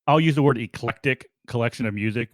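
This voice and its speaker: A man's voice: mid-range voice, fast talker, no echo, clean studio sound. A man co-hosting a true crime podcast, talking casually with an easygoing, hesitant manner. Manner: easygoing, hesitant, filler-heavy. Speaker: podcast co-host. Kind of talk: casual chat.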